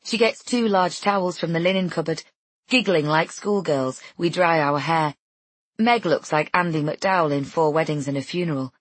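A woman narrating a first-person novel in a measured, intimate way. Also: sits low, no room sound. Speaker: audiobook narrator.

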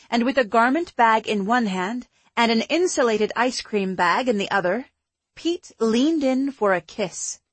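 A woman narrating a first-person audiobook in an even, measured reading. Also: on the high side, no echo.

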